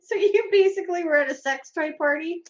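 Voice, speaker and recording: A woman's voice: extremely high pitch, brisk, dull audio, very noisy. A woman co-hosting a casual chat, giggling and chiming in with short remarks. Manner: giggly, brief interjections. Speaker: podcast co-host.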